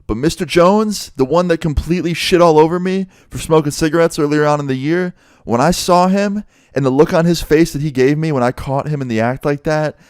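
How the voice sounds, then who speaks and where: A man telling a story from his school days in a casual, animated and profane way. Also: on the high side, brisk, clean tone, no room sound, clean studio sound.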